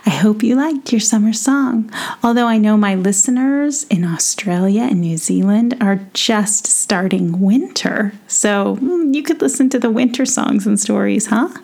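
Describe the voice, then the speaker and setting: A middle-aged woman hosting a children's podcast, speaking softly and affectionately straight to young listeners in a breathy, near-whispered voice. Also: medium pitch, unhurried.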